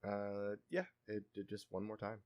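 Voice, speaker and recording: A man narrating a tabletop game as game master, relaxed and hesitant with fillers. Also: on the low side, moderate pace.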